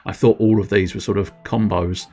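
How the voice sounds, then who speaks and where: Guy chatting while he plays, lowish voice, giggly and rambly. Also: fairly even intonation, normal speed, dark tone, husky, soft background music. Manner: rambling, giggly, with many restarts. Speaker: streamer. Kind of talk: casual gameplay commentary.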